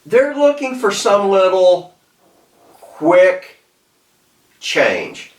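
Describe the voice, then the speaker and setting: A man's voice: on the high side, sing-song, a little slow. A man with a Southern accent giving a casual, rambling talk on self-improvement, in a folksy way with many restarts. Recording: echoey room, mic at a distance.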